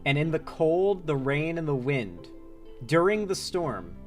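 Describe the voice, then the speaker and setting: Male live-stream host, loose and profane, a touch high, faint background music. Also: measured pace. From Florida. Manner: rambling, profane, excitable. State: sore throat. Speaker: political commentary streamer. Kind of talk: casual live-stream chat.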